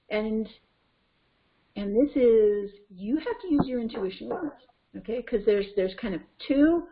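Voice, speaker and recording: A woman's voice: a little high, husky. A woman parenting coach teaching a webinar in a conversational way, often checking in with "okay?" and "right?". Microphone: conference call line. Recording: muffled web call audio.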